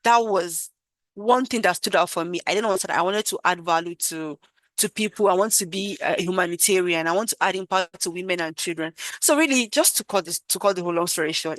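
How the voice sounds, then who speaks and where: A woman's voice: fairly low pitch, no room sound. A woman, a program participant giving an effusive, emotional thank-you speech over a video call. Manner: warm, effusive, gushing with gratitude.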